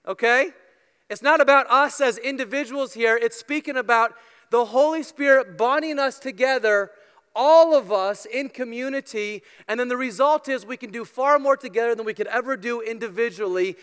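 A man preaching a sermon to his congregation, earnest and emphatic, with playful asides, swinging between loud stressed lines and quiet ones. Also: high voice, brisk, clear, resonant tone, in a large hall. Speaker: pastor. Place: church sanctuary with congregation.

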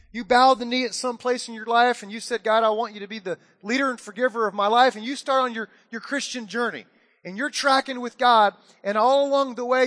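A man's voice: very high voice, big-room sound. A man preaching a sermon as pastor, telling a story and acting out its voices. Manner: animated storytelling with acted-out quotes.

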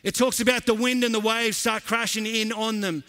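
A man's voice: sits high, steady tone, moderate pace, bright, forceful tone. A male pastor preaching a sermon to a church congregation, telling a story earnestly and building to impassioned emphasis.

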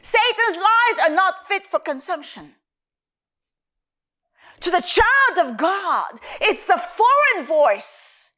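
High-voiced woman preaching emphatically. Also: sing-song, slow, pushed and bright. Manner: emphatic, repeats phrases for stress. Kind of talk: sermon teaching.

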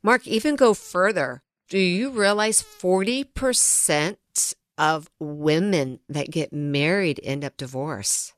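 A woman's voice: fairly low pitch, lively intonation, takes it slowly, few pauses, no room sound, clean studio sound. A woman financial advisor on a talk show, telling client stories earnestly and often turning to her co-host by name.

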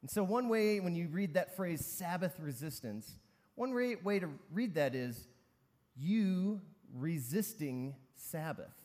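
Casual male pastor, fairly high voice, long reverb from a large hall. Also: animated, takes it slowly, a little mellow. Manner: conversational storytelling with many fillers. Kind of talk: sermon.

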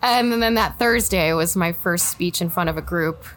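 A woman in her forties with a Midwestern American accent, speaking in a slightly low voice. She tells her story in a relaxed interview, with lots of laughter and acted-out lines for the people she quotes. A faint hum sits under her voice. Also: normal speed. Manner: animated, laughs often, acts out quoted friends. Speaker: political candidate guest.

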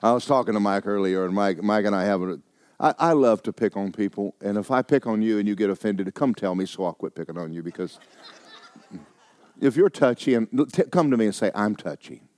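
An older man, preaching a sermon in a church. He moves between loud, urgent preaching and quiet, joking asides. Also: lowish voice, a little fast, dry recording. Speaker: pastor. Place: church sanctuary.

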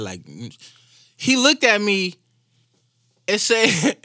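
A young man co-hosting a podcast, telling a story in a casual, swearing, animated way and acting out the quotes. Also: high-pitched, slow, pauses often, dry recording, studio quality. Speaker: podcast co-host.

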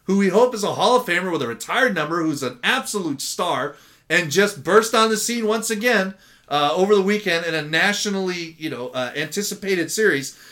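A man's voice: high-pitched, lively intonation, a little fast, pushed and bright. A man co-hosting a podcast, ranting about sports in a blunt, exasperated way. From San Diego area. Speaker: podcast co-host. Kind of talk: casual sports chat.

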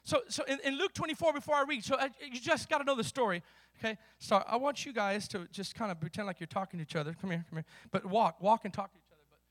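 A man's voice: sits high, fast talker, a bit bright, no room sound. A man preaching a sermon as pastor, with impassioned delivery and vivid storytelling.

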